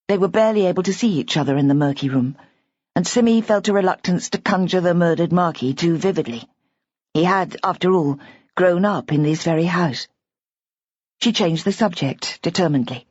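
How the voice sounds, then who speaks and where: A woman narrating a mystery audiobook in a measured, even way. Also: lowish voice, breathy edge, no echo. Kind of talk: scripted narration. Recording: dull, lo-fi audiobook recording.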